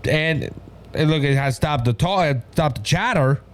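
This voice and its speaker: A man with a Louisiana Cajun accent hosting a political commentary show, talking in an animated way and often addressing his listeners as ladies and gentlemen. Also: fairly high pitch, moderate pace. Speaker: host.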